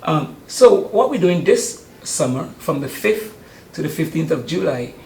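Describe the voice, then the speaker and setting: An older man talks about his youth camp in a relaxed, hesitant way. His voice is gravelly and slightly high for a man. The sound is roomy, with faint noise behind him. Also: measured pace. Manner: chatty and warm, often hesitating with ums. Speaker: youth sports camp organizer. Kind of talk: casual interview.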